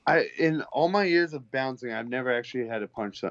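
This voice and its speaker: Through a muffled recording, a medium-pitched man talks fairly quickly. A heavyweight fighter in an interview, he tells casual, profane stories with animation and acts out the people he quotes.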